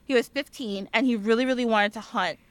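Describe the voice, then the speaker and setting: A young woman hosting a podcast, casually retelling an old tale in a chatty, animated way with lots of "like" fillers. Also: on the high side, a little fast, clear, resonant tone, no room sound. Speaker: podcast host. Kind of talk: casual storytelling.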